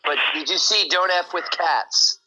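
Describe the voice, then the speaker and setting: Excitable bright-voiced male streamer. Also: sits high, measured pace, a little hiss or hum, poor audio. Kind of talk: casual chat on a group stream.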